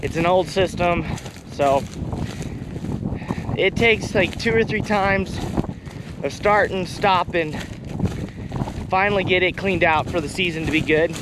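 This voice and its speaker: A high-voiced man from Kansas talks viewers through his farm chores in a relaxed vlog manner, a little out of breath as he walks. Strong wind noise batters the camera mic outdoors. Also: a little slow, long pauses. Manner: relaxed, talks to viewers while walking a field. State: out of breath with hiccups. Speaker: farmer vlogger. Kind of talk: casual vlog narration while working. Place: outdoors on a windy farm field.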